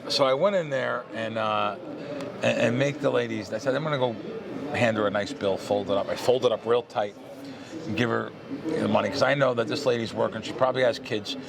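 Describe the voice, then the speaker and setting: A man's voice: medium pitch, fairly quick, vocal fry, a loud crowd. A man telling a long story in casual chat on a podcast, acting out the voices of the people in it. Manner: animated storyteller, acts out quoted voices. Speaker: podcast host, pro sports bettor.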